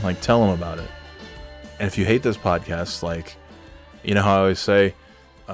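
A man hosting a casual solo podcast, signing off in a rambling, sarcastic and crude way with mock-sincere pep talk. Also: low voice. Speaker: podcast host. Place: at home on a Sunday night.

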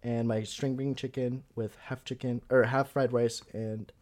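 A young man co-hosting a podcast spins an animated story in casual chat, leaning heavily on "like" and acting out the quotes. His voice is medium in pitch and unhurried.

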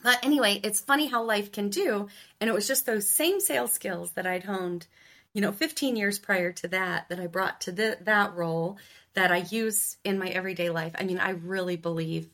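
Middle-aged woman from Ohio, sales coach guest, crisp and bright, acts out the people in her stories. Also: mid-range voice, moderate pace. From Ohio, US Midwest. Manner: animated storyteller who acts out quoted dialogue. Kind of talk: casual interview storytelling.

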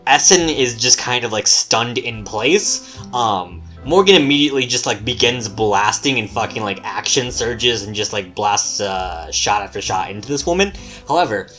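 Man, game master, deep-ish voice, rambling recap, faint guitar in the back. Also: expressive, moderate pace, hardly any pauses, pushed and bright. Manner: rambling, filler-heavy storytelling with casual swearing. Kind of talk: casual podcast recap of a tabletop game.

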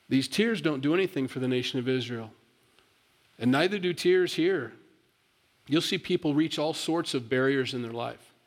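A man preaching a sermon as a pastor, blunt and plain-spoken, speeding up at times. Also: mid-range voice.

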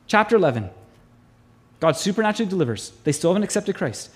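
A male pastor preaching a sermon to his congregation, animated and acting out voices in the stories he tells. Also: high-pitched, quick pace.

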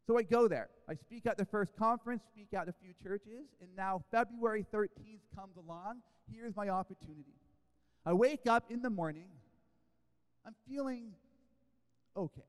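A man's voice: sits high, moderate pace. A man preaching a sermon, telling a story in a humorous, self-deprecating, conversational way. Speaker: guest preacher. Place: church sanctuary. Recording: echoey church hall.

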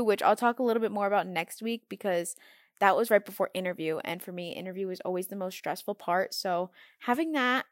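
A teenage girl hosts her own podcast in a casual, bubbly, upbeat manner, her voice sitting in a middle pitch. The recording is dry and close, with no room echo. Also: expressive, moderate pace. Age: teens. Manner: bubbly, upbeat, acts out quoted chats in a higher voice. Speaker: podcast host. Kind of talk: casual solo podcast talk.

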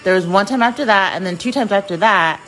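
A woman's voice: medium pitch, fast, a bit bright, soft background music. A young woman hosting a podcast, chatting casually and gushing about a band she loves, rambling and laughing often. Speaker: podcast host. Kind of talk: casual fan chat.

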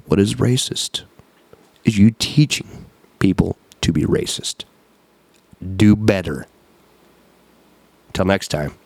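A man's voice: deep voice, expressive, slow, creaky, long pauses, darkish tone, dry recording. A man hosting a solo podcast, ranting in an emphatic, rambling way, repeating words and correcting himself. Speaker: podcast host. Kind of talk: solo opinion podcast rant.

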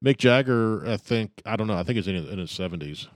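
Low-voiced, hesitant male co-host. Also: lively intonation, fairly quick, dry recording, clean studio sound. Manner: hesitant, thinks aloud, offers facts. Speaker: podcast co-host. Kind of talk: casual chat.

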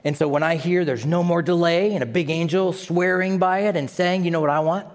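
A man preaching a sermon to a congregation, animated and dramatic, with asides to his listeners. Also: fairly high pitch, fairly quick, big-room sound. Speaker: pastor.

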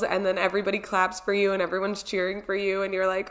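A woman's voice: medium pitch, monotone, brisk, a bit bright. A young woman casually recapping her own experience as a vlogger, chatty and rambling, acting out her own reactions as she tells it.

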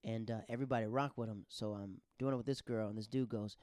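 A man hosting a podcast, telling stories in a casual, animated, slangy way and acting out the quotes. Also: fairly low pitch, quick pace, no room sound, clean studio sound. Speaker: podcast host. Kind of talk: casual storytelling.

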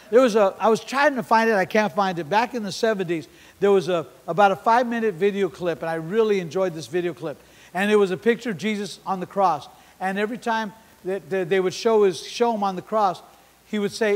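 Male pastor, very high voice, impassioned sermon, echoing hall. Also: fairly quick. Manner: impassioned, swings from hushed to shouting. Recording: long hall reverb.

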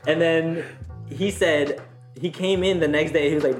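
A young man co-hosts a podcast in loose, slangy chat, his voice pitched a bit high. His rambling stories bounce off the walls of an echoey room, with clear music playing underneath. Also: steady tone, normal speed. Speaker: podcast co-host. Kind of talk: casual chat.

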